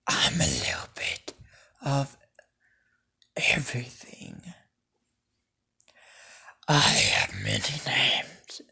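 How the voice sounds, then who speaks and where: A man voicing an ancient, scheming male devil who offers deals, in a hushed whispered role-play. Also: medium pitch, huge pitch swings, very slow, vocal fry, pauses often, exaggerated voice. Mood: sly.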